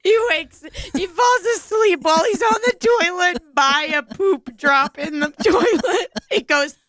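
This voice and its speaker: A woman's voice: extremely high pitch, animated, unhurried, fairly bright tone. A woman co-hosting a comedy podcast, giggling and slipping into goofy impressions as she chats. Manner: giggly, doing goofy impressions between laughs. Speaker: podcast co-host.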